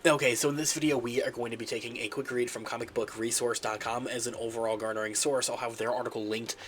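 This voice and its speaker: A man rattles off upbeat channel commentary at a rapid clip, his voice nasal and stuffed up from a cold. He keeps an energetic host's patter going the whole time. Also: medium pitch, slight background noise. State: sick with a stuffy nose. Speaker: channel host.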